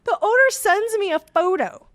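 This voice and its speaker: Middle-aged female host, chatty storyteller who acts out the dialogue; high, swooping voice. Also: moderate pace. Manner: animated, acts out dialogue, frequent "right?" and "okay?". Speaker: podcast host. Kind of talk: casual storytelling chat.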